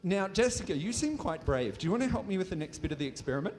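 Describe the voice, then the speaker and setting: Lively Australian man in a reverberant hall. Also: high voice, fast talker, slight background noise. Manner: playful, animated, jokey, talking to a volunteer and crowd. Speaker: science show presenter. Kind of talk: live science demonstration for an audience. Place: stage in a large hall with an audience.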